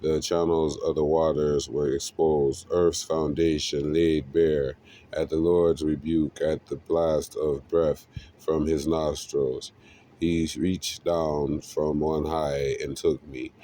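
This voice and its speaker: Super deep-voiced guy reading psalms slow and earnest, flat mellow tone, faint hiss behind. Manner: earnest, unhurried, emotional reading with pauses. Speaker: scripture reader. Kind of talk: devotional Bible reading.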